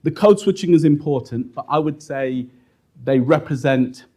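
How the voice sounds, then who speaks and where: A man lecturing and answering questions, telling lively stories, acting out quoted voices and laughing as he talks. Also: fairly high pitch, moderate pace. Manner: animated storytelling, acts out quotes, laughing asides.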